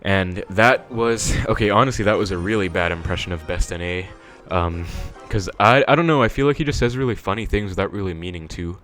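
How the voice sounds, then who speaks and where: A man's voice: low voice, brisk, few pauses, a bit bright, faint music behind. A young man giving casual commentary on his own gameplay, thinking aloud with many fillers. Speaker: gaming video creator.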